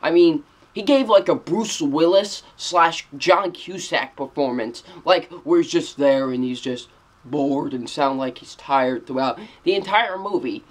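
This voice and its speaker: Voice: mid-range voice, measured pace. A movie reviewer talking casually to the camera, emphatic and repetitive, circling back to the same verdict again and again.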